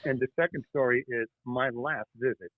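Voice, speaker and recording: A man, the guest author, telling animated stories in an interview, halting and restarting often. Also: mid-range voice, no room sound. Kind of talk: storytelling interview chat. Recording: tinny phone-like line.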